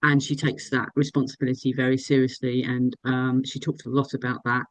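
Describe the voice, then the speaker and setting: A woman's voice: rumbling low, flat delivery, fairly quick, no echo, rough recording. A woman fan being interviewed, chatting enthusiastically about meeting an actress. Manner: enthusiastic, gushing. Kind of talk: casual interview chat.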